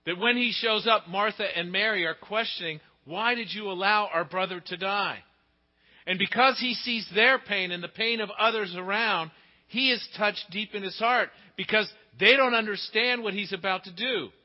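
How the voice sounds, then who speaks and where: A middle-aged man preaching a sermon, telling stories with big swings in pitch and loudness. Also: moderate pace. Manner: expressive storytelling, pitch and volume swing widely. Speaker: pastor. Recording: dull sound with long hall reverb.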